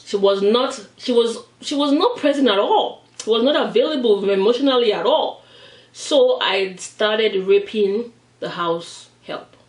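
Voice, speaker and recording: A woman putting on a guilty man confessing in a low, hushed voice, slow and subdued. He sounds like he is in a roomy space, away from the mic. The manner is somber and muted. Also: recorded from a distance, natural voice. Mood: confessional.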